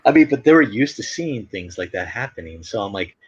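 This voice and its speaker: The speaker is a male artist hosting a live stream, with a fairly low, sing-song voice that has a breathy edge and moves briskly. He chats casually through rambling, filler-laden stories, heard in dull lo-fi audio.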